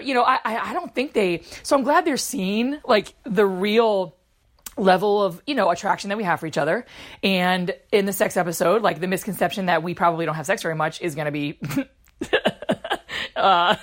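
A young woman hosting a casual podcast, talking fast and chatty, laughing and teasing, recorded on a phone at home. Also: medium pitch. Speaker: podcast host.

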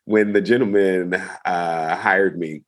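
A man's voice: deep voice, fairly even intonation, takes it slowly. A man, an actor, chatting casually and telling anecdotes, laughing often and acting out quotes. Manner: laughing storyteller, acts out quotes. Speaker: actor guest. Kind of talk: casual chat.

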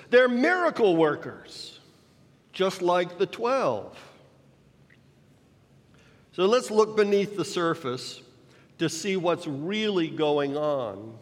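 Guy preaching a sermon real slow, bit high voice, big church echo. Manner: measured, explanatory preaching with rhetorical emphasis. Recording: long reverb of a large hall.

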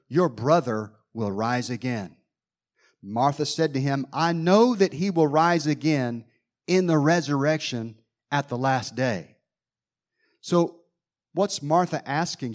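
Dramatic male preacher reading scripture. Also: mid-range voice. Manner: dramatic, acts out groans and sighs.

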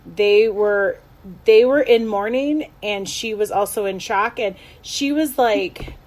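A woman's voice: medium pitch, slow, darkish tone. A young adult woman co-hosting a podcast, gushing and laughing often, full of "like" fillers. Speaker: podcast co-host. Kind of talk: casual chat.

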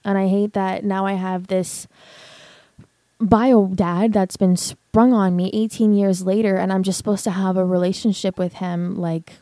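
A woman's voice: medium pitch, level tone, unhurried, dark tone, dry recording. A young woman hosting a podcast, telling a raw personal story candidly, with lots of swearing and fillers. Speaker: podcast host. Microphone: podcast mic.

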